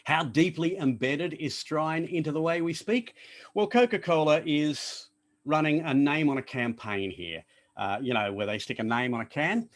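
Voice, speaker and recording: An Australian man giving a playful, explanatory prepared speech to an online club. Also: normal speed. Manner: playful, explanatory, lively pitch swings. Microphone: online call.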